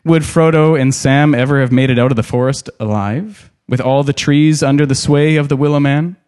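A man reading a novel aloud in an expressive, dramatic way, pausing to add his own comments. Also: medium pitch, clear, resonant tone. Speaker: storyteller.

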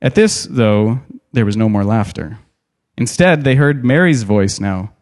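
A man's voice: lowish voice, measured pace. Man reading a story aloud expressively. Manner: expressive, dramatic read-aloud. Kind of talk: reading a novel aloud with commentary.

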